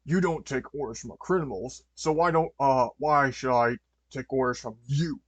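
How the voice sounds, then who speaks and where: A man's voice: medium pitch, moderate pace, no echo, natural voice. A man voicing a heroic male superhero dog, earnest and a bit stammering, raising his voice for hero lines.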